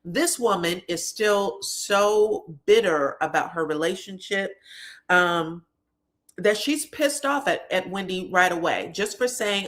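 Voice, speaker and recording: A woman's voice: on the low side, takes it slowly, a bit bright. Chatty woman recapping reality TV. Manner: chatty, conversational, asides to viewers. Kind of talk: casual recap commentary.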